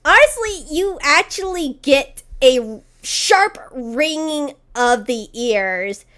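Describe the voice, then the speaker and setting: A woman running a tabletop game as game master, often pausing to search for words. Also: sits high, expressive, fairly bright tone. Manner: hesitant, searches for words, fills with "say".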